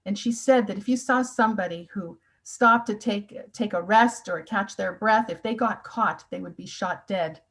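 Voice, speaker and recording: A woman's voice: mid-range voice, normal speed, hardly any pauses, a bit bright, poor audio. A woman in her sixties gives a personal testimony talk, telling her family's story with earnest, emotional emphasis. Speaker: speaker.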